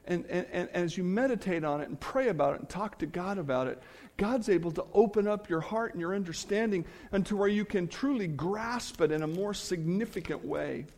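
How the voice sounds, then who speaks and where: A man's voice: high voice, fairly quick, a little mellow. A male pastor preaching a sermon in church, earnest, leaning hard on key phrases.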